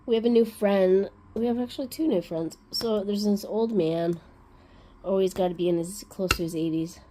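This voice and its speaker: A woman's voice: medium pitch, steady tone, moderate pace, dark tone, a little hiss or hum. A woman hosting a crafting vlog, chatting casually and rambling through everyday stories. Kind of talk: casual chat.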